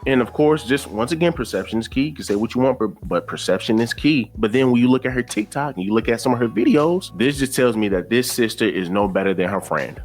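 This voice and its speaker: A man's voice: mid-range voice, quick pace, hardly any pauses. Blunt man doing reaction commentary. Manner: blunt, repetitive, preachy slang-filled talk. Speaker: commentary channel host.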